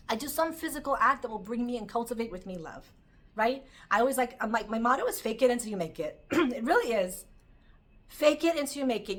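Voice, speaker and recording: A woman teaching a Torah class, telling stories with lively energy and sprinkling in Hebrew terms. Her voice is bright and clear and sits a bit high. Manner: animated storytelling, mixes Hebrew terms.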